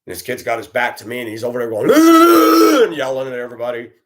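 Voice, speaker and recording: A man telling stories about his years as a school bus driver, blunt and animated, acting out the voices he quotes. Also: medium pitch, rapid-fire. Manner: blunt, plain-spoken. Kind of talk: storytelling monologue.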